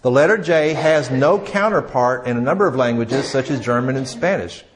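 Man lecturing, halting and conversational. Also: mid-range voice, animated. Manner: conversational, halting, asks the audience questions. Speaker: teacher. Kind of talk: classroom lecture.

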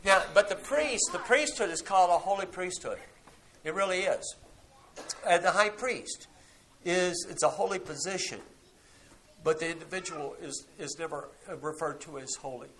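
A man's voice: high-pitched, moderate pace, a bit bright, slight background noise, low-quality recording. A man teaching a congregation about scripture and answering listeners' questions in an explanatory way, often correcting himself mid-sentence. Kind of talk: Bible teaching with audience questions.

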